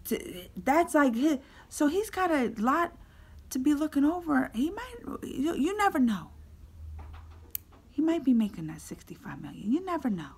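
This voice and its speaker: A woman vlogger with a high-pitched voice tells a story in a loose, animated reaction style. She keeps switching between loud, excited outbursts and hushed, whispered asides, and she acts out her own lines as she goes. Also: moderate pace.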